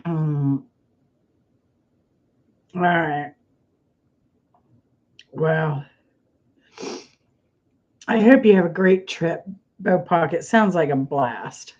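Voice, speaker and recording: A woman's voice: low voice, very slow, pauses often, darkish tone, muffled recording. A woman hosting a casual livestream, chatting with viewers in a self-amused, rambling way while fighting a cough and sneezes. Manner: chatty, self-amused, trailing off mid-sentence. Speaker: livestream host. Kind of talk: casual chat reading viewer comments.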